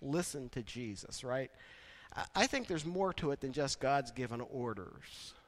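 A man preaching a sermon in a conversational way, building now and then to loud, emphatic peaks. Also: medium pitch, expressive, measured pace. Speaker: pastor.

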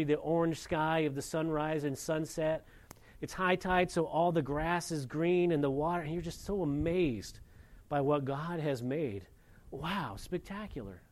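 A man preaching a sermon, earnest and asking the congregation rhetorical questions. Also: fairly high pitch. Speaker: pastor.

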